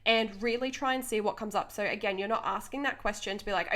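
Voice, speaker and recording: A woman's voice: medium pitch, fast talker, a bit bright. Passionate woman podcast host. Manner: passionate, earnest, laughs between thoughts. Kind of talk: unscripted motivational podcast monologue.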